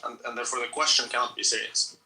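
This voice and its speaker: A man's voice: medium pitch, fairly even intonation, very fast, pushed and bright, low-quality recording. A man in a casual online chat who keeps mocking, taunting and arguing.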